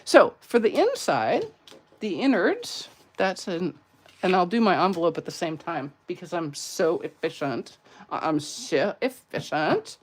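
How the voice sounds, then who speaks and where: A woman's voice: lowish voice, sing-song, a little slow, slight background noise. A middle-aged woman from California with a Southern accent, demonstrating card crafts in a playful, chatty, self-deprecating way at her crafting table. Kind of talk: live craft tutorial.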